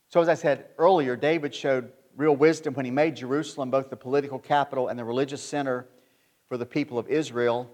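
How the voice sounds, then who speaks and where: A man preaching a sermon, reading scripture in a measured, earnest way and building to forceful emphasis. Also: mid-range voice, fairly even intonation.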